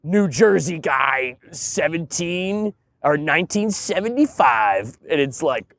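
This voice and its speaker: A man in casual podcast chat, ranting in an animated way and leaning on filler words. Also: fairly high pitch, slow pace. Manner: animated, ranting, heavy use of "like" and "dude". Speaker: podcast co-host.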